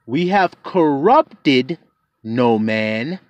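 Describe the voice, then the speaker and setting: A man preaching a sermon, reading scripture and unpacking it line by line, his high voice leaping up and down as he builds to shouted peaks. The sound is close and dry, with no room around it. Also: big pitch swings, a little slow, no echo. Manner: emphatic, rising to shouts, calls and responses to himself.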